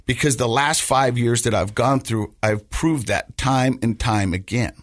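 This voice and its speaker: A male podcast host telling a personal story in casual conversation, haltingly, often repeating words as he goes. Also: medium pitch, no echo, clean studio sound. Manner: halting, repeats words while telling, laughs through lighter moments.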